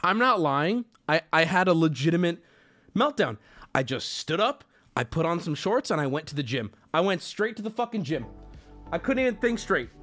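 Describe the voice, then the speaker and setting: A man livestreaming from his home setup, telling his chat a story in an animated, profane, self-mocking rant. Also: a little high, normal speed, soft background music.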